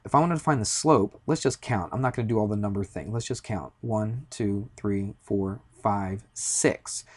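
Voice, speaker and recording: A man's voice: on the low side, moderate pace, breathy edge. Chatty male math teacher telling a story. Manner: chatty, storytelling, uses fillers and asides. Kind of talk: classroom lecture with a personal story.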